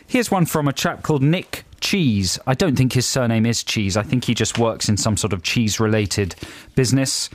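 A man's voice: mid-range voice, moderate pace, hardly any pauses. A man co-hosting a comedy podcast, reading emails and adding wry asides with laughter. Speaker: podcast co-host. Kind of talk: casual comedy chat, reading listener emails.

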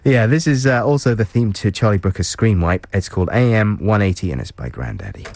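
DJ with a cold, low voice. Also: male voice, expressive, fairly quick, creaky, very noisy. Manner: self-deprecating, easygoing. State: has a cold. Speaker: radio show co-host and DJ. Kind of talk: casual radio banter. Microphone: studio mic.

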